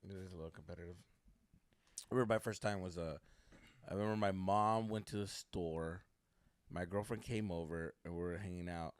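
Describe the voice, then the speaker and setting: A young man co-hosting a podcast, telling a crude, animated story in casual chat with lots of swearing. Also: sits low, a little fast, no room sound. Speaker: podcast co-host.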